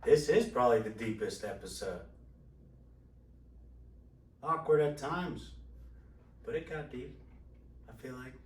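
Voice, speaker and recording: A man's voice: mid-range voice, expressive, a little slow, pauses often, darkish tone, distant mic. Profane, rambling man heard from off-mic. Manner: candid, profane, rambling storyteller. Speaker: podcast host. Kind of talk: casual storytelling chat. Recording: roomy sound from off-mic.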